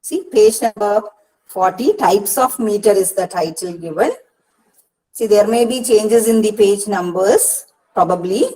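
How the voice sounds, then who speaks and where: Her voice is mid-range, mellow and a little slow, captured on a rough recording. She's an Indian English–accented university counsellor lecturing online for a regional study centre in Kerala, India, patiently repeating words and sounding them out syllable by syllable.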